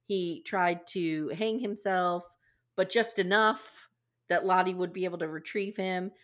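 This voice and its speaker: A woman's voice: fairly low pitch, a little slow. A woman hosting a casual podcast, recapping plainly and affirming the others. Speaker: podcast host.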